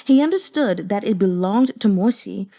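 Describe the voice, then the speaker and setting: Mellow-voiced woman narrating an audiobook. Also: mid-range voice, lively intonation. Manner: emotive, measured storytelling.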